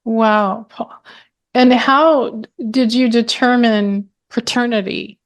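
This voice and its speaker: A woman's voice: fairly high pitch, steady tone, takes it slowly. A middle-aged woman hosting a podcast, asking probing, sympathetic questions. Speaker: podcast host. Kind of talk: interview.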